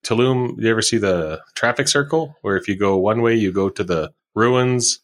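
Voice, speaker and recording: A man's voice: on the low side, normal speed. A man from Canada co-hosting a casual podcast, joking and rambling, swearing now and then. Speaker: podcast co-host.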